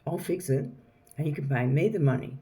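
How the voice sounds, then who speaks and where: A man's voice: a little high, animated, brisk, dark tone, recorded from a distance. A man mimicking a pushy, wheedling neighbour. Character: pushy neighbour man offering a dodgy repair.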